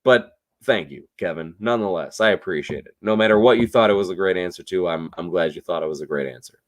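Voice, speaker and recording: A man hosting a casual after-show livestream, slightly tipsy, swearing freely and answering chat comments with sudden excited jumps. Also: fast talker. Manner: loose, swearing, swings between low mutters and excited outbursts. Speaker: livestream host reading chat.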